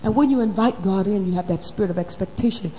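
A woman preaching a sermon to her congregation in church, dropping to a hush and then rising loud, calling her listeners baby and honey. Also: medium pitch, quick pace, long reverb tail, poor audio. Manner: swoops from hushed to loud. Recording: faint hum on an old recording.

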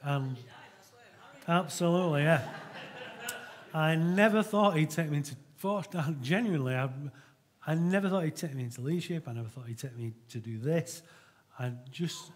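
Middle-aged male preacher, husky and a touch high-pitched, earnest and conversational sermon delivery. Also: normal speed. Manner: earnest and conversational, with frequent restarts.

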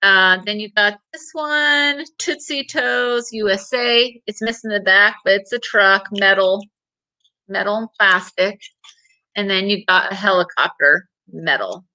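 A woman's voice: medium pitch, a little slow, bright, forceful tone, low-quality recording. A middle-aged woman hosting a casual live sale of vintage items, chatty and rambling as she answers viewer comments and laughs often.

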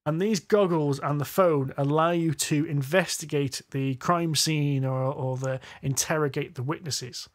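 A man's voice: on the high side, steady tone, unhurried, hardly any pauses. A man, co-host of a tabletop gaming podcast, chatting casually and often correcting himself mid-sentence. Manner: rambling, self-correcting, goes off on tangents. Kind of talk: casual chat about tabletop games. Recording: podcast audio.

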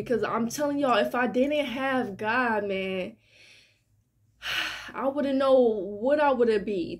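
Slow, earnest woman preaching to viewers. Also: a little high. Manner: earnest, repetitive, heartfelt preaching. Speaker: spiritual vlogger. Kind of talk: casual spiritual monologue to viewers.

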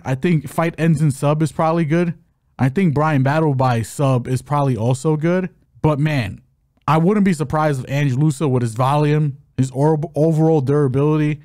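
A man with a fairly high voice co-hosts a fight betting podcast, casually breaking down matchups. He's animated and joking, throwing in hype-announcer asides, and the recording is dry and cleanly studio-made.

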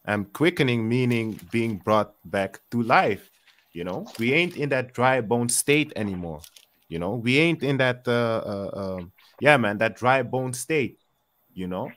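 A man leading a casual scripture study, calling for verses and talking in a relaxed way full of "you know" and "man.". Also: medium pitch, a little slow. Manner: laid-back, calls for verses, says "you know, man". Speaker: leader of the scripture study session. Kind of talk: casual religious discussion.

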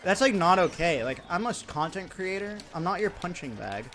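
An excitable young man from India chats with his stream viewers while he plays. His voice sits high and swings widely, jumping from bursts of shouting to mutters. He jokes and swears freely. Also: a little fast, hardly any pauses, faint music behind. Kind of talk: casual livestream chat.

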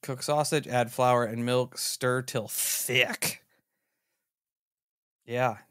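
A man hosting a podcast in casual chat, teasing and incredulous, with lots of animated reactions. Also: medium pitch, extremely slow, clear, resonant tone, dry recording, studio quality. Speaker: podcast host.

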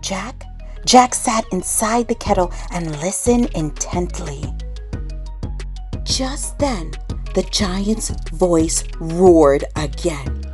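A woman reading a children's bedtime story aloud in an expressive, dramatic way with pauses. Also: on the low side. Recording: soft music underneath.

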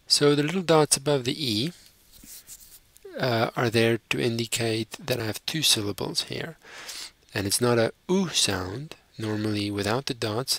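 Male language tutor, husky and unhurried, dry close-mic sound. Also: mid-range voice, a bit bright, dry recording. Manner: slow and deliberate, repeating each word. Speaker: language teacher. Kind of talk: slow recorded language lesson.

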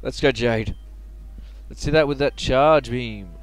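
A man's voice: medium pitch, a little slow, faint music behind. A man giving casual, joking let's play commentary, chatty and muttering to himself.

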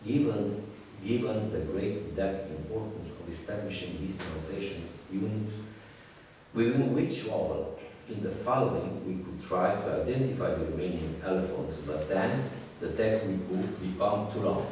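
Halting male lecturer in an echoey room. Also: sits low, darkish tone. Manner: halting, many fillers and restarts. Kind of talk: academic lecture. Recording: distant echoey hall recording with hiss.

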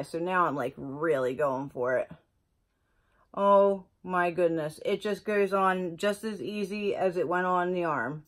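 A woman beauty vlogger chatting casually through an unboxing, gushing and exclaiming over the products. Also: lowish voice. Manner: gushing, excitable, lots of exclamations.

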